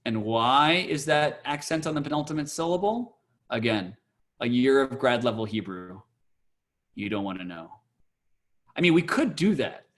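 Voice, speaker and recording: A man's voice: medium pitch, animated, moderate pace. A man teaching a cantor's class on a video call, chatty and playful, slipping into chant.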